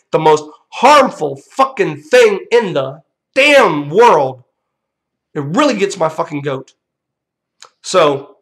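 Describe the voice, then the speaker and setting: A man's voice: sits high, fairly bright tone. A young man hosting a vlog, delivering a profane, combative rant straight to viewers. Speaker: channel host.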